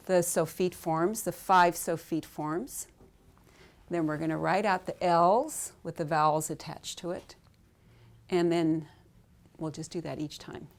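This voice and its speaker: Slow, patient woman teaching a class. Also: fairly low pitch. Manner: patient, repeats sounds aloud for learners to echo. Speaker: Hebrew teacher. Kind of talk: slow classroom drill, teaching vowel sounds.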